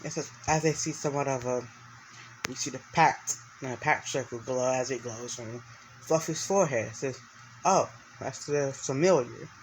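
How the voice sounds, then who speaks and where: A man telling a story he makes up as he goes, in a middle-pitched voice. He rambles, circles back and restarts his sentences, filling gaps with "you know" and "uh." His voice stays plain and unhurried throughout. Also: fairly even intonation, a little hiss or hum, low-quality recording. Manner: rambling, full of restarts and fillers. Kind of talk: improvised story narration.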